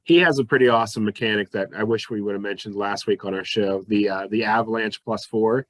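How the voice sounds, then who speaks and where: A man's voice: lowish voice, steady tone, brisk. A man co-hosting a podcast in casual chat, mostly giving brief agreeing remarks. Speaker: podcast co-host.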